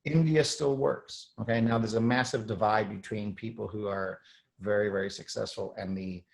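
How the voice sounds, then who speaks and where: A middle-aged man hosting a show, talking in a rambling casual monologue with frequent throat clearing and restarts. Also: lowish voice, steady tone, normal speed, poor audio. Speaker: host.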